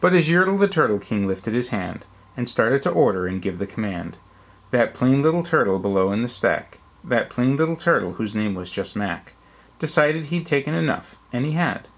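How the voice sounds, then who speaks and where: Dad reading a rhyming bedtime story. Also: male voice, mid-range voice, moderate pace. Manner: rhythmic, expressive rhyming delivery.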